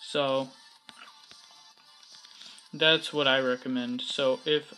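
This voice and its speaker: A man's voice: medium pitch, little pitch movement, extremely slow, bright, forceful tone, soft background music. A man hosting a casual tutorial on building, talking in a hesitant way with lots of fillers and self-mocking asides. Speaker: Minecraft building tutorial host. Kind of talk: casual screen-recorded tutorial commentary.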